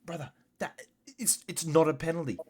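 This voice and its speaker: A man co-hosting a casual sports podcast, fired up and swearing as he rants, swinging between loud and quiet. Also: fairly high pitch, fairly quick, breathy edge. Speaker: podcast co-host.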